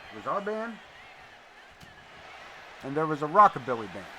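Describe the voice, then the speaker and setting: This commentator's voice sits on the high side with big pitch swings and a moderate pace, over background noise. Live wrestling play-by-play mixes with casual chat as he drifts into blunt, profane stories.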